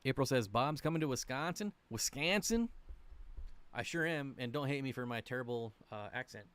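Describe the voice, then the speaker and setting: A man with a mid-range voice hosts a casual aquarium fish livestream, reading viewer comments aloud at a quick pace. He's chatty, rambling and self-deprecating, and there's a little hiss or hum on the audio.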